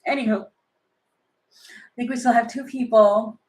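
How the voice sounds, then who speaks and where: Chatty higher-voiced woman tarot reader. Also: steady tone, slow, darkish tone. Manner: chatty, opinionated, rambling with many fillers. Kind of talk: casual live tarot reading.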